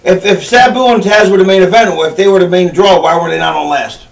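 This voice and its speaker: A man telling a profane, animated wrestling-era story in a casual sit-down interview. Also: high-pitched, fast, creaky, roomy sound, recorded from a distance, low-quality recording. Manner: profane, animated, does impressions in stories. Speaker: interview guest.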